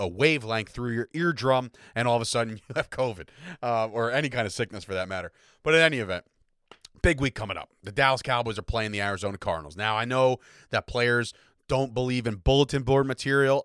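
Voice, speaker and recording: Clean studio sound with no echo carries a smooth, mid-range male voice of fairly bright tone. The speaker, a fan sports podcast host with a slight cough, rants fiercely from his home attic room and keeps asking "right?" and "okay?"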